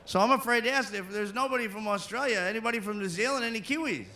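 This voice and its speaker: A man's voice: high voice, fast talker, bright, forceful tone, slight background noise. A man doing stand-up comedy as a cruise ship comedian, working the crowd and slipping into silly put-on voices. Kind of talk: stand-up comedy to a live audience.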